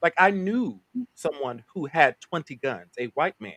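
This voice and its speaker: A man on a podcast telling stories in an animated, halting way. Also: on the high side, no room sound. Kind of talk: casual anecdote telling.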